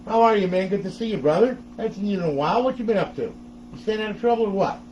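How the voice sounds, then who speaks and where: A man's voice: high voice, rapid-fire, darkish tone, dull audio, slight background noise. A middle-aged man hosting a casual step-by-step tech tutorial, chatty and often laughing as he talks to viewers.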